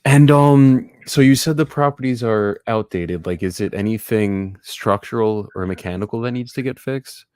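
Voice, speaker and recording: A man making an offer on a property by phone, polite and brisk, asking one follow-up question after another. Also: lowish voice, a little mellow, smooth, no room sound, clean studio sound. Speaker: real estate investor making offers. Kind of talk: live-streamed phone negotiation.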